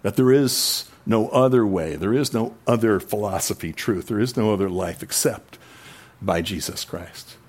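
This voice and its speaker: A man with a lowish voice preaching from the pulpit. He drifts into chatty asides, then lifts his voice for emphatic points about scripture. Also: moderate pace, husky. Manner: conversational, digressive, rising to emphatic preaching. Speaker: pastor. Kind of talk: sermon.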